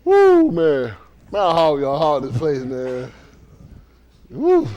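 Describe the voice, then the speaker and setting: A man from Miami speaks to his congregation in a voice pitched somewhat high that swoops up and down. He mixes joking asides and loud whoops with prayer. He is recorded in a synagogue hall during a livestream. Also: slow pace, lo-fi sound. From Miami, Florida. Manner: lively, joking, with loud exclamations. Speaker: congregation leader. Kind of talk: casual sermon talk and prayer.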